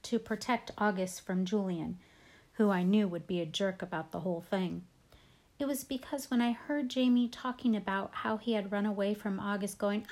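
A woman's voice: mid-range voice, a little mellow. Woman reading a first-person audiobook. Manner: casual, conversational storytelling. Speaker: audiobook reader.

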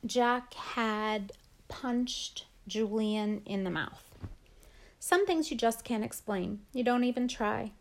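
A woman reading a novel aloud for her listeners in a steady, clear storytelling delivery. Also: a little high. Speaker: book reader.

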